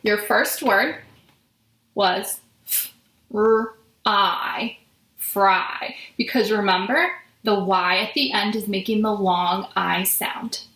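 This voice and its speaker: Lady teacher doing phonics, sounds out letters real slow, roomy echo. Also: medium pitch, fairly bright tone. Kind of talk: phonics lesson for children. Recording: echoey room.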